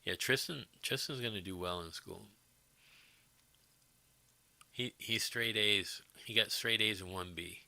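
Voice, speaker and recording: A man's voice: lowish voice, measured pace, vocal fry, long pauses, sharp tone, dry recording. A middle-aged man hosting a livestream, chatting casually with his viewers and rambling as he answers their comments. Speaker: livestream host.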